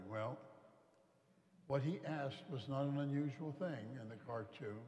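A man's voice: medium pitch, a little slow, a little mellow. A middle-aged male priest, preaching a homily in a folksy, storytelling way. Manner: folksy storytelling, acts out quoted voices. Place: large church. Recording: echoey church from a distance.

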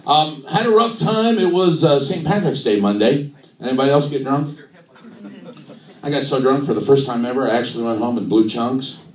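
A man's voice: medium pitch, lively intonation, moderate pace. A man doing a stand-up set in a comedy club, wry and playful with his jokes. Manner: wry, playful, jokes delivered with shifting emphasis. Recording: roomy club sound, distant mic.

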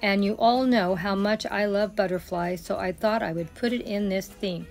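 A woman's voice: mid-range voice, steady tone, normal speed, creaky, a little mellow, faint music behind. An older woman chatting in a friendly way as a home decor vlogger. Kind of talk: casual decorating vlog.

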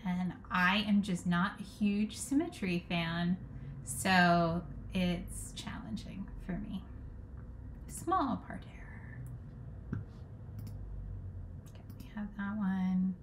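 A woman's voice: fairly low pitch, fairly even intonation, drawn-out words, long pauses, slight background noise. A woman talking through garden design ideas as a vlogger, thinking aloud with frank opinions and frequent restarts. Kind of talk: casual rambling commentary.

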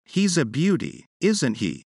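A man voicing a jovial, gruff middle-aged police inspector in a classic detective story read aloud, hearty and chuckling. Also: a little high, wildly swooping pitch, slow, darkish tone, no echo, clean studio sound, exaggerated voice. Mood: amused.

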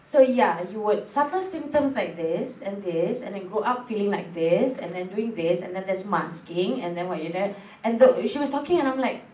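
A woman's voice: medium pitch, animated, moderate pace, warm tone, reverberant, distant mic, poor audio. A Malaysian woman talking candidly as a guest, moving between English and Malay. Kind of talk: casual talk show chat.

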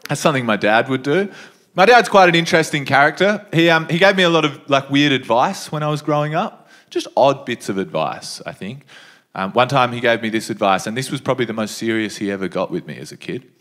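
Laid-back Australian stand-up comedian. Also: male voice, medium pitch, big pitch swings, brisk, fairly bright tone. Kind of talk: stand-up storytelling.

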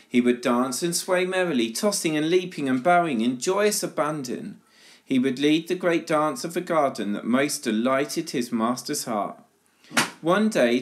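A man leading prayer time at a church children's service by reading a parable aloud in a measured storytelling manner. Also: a little high.

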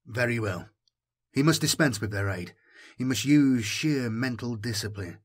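A man narrating a science-fiction audiobook in a steady, even storytelling manner. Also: medium pitch, measured pace.

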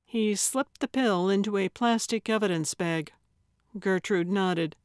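Brief: woman audiobook narrator, slow and measured, mid pitch, dry close sound. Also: no echo. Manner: measured storytelling. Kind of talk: scripted narration.

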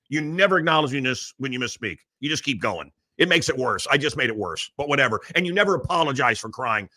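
Ranting male talk show host. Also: a little high. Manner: animated, mocking, mimics voices. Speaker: radio host. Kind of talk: ranting monologue. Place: small studio with audience.

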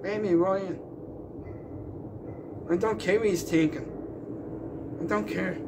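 A man's voice: high-pitched, fairly even intonation, slow pace, noisy background. A man giving a rambling, defiant public rant, emphatic and repeating himself.

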